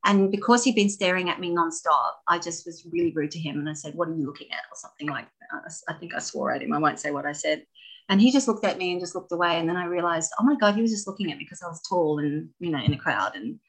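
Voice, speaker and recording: A middle-aged woman, a former dancer, telling stories as an interview guest, animated and laughing often. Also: lowish voice, fast, husky, low-quality recording. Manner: animated, laughs often, acts out voices in anecdotes. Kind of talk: casual storytelling.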